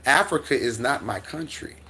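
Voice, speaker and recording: A man's voice: medium pitch, animated, moderate pace, pushed and bright. A middle-aged man from the United States hosting a casual livestream from home, answering chat in a rambling way with stammers, restarts and chuckles. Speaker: livestream host reading chat. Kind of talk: casual live-stream chat. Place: at home with his dog.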